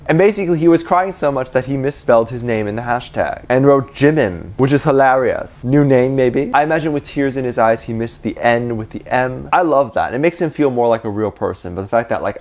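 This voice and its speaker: A man's voice: mid-range voice, darkish tone. Gushing male K-pop commentary vlogger. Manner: gushing, enthusiastic fan talk. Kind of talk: casual commentary to camera.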